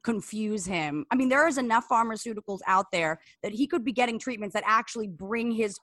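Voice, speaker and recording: Quick, restarting woman in a dry room. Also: fairly high pitch, no room sound. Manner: animated, talks in rapid bursts with many restarts. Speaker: podcast co-host. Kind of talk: casual chat.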